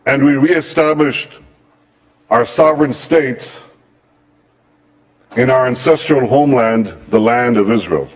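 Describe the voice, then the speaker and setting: A man delivers a formal speech to an assembly, unhurried and deliberate. His words come in slow, solemn, measured phrases, with a pitch in the ordinary middle range. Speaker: head of government giving a speech.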